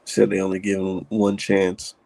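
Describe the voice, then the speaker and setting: A man's voice: low-pitched, monotone, normal speed, creaky, a little mellow. A male streamer giving profane, mocking reaction commentary and laughing often.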